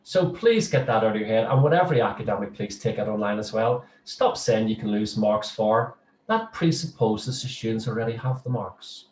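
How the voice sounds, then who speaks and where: A man's voice: lowish voice, animated, moderate pace, a little hiss or hum. A middle-aged man, a social work lecturer, chatting humorously in an interview with many restarts. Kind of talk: casual interview chat. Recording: roomy, distant mic.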